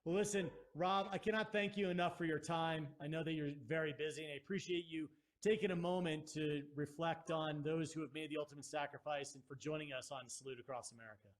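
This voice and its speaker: A man's voice: fairly high pitch, steady tone, fast, few pauses. A man hosting an interview, upbeat and thankful, with some fillers. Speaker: host.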